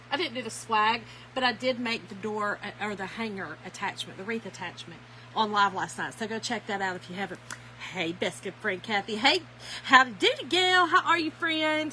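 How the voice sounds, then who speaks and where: A middle-aged woman with a drawl hosts a casual craft livestream from home. Her voice is bright and a little high as she chats with viewers and calls out their names. A faint hum sits under the recording. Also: low-quality recording. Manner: chatty, greets viewers by name, laughs often.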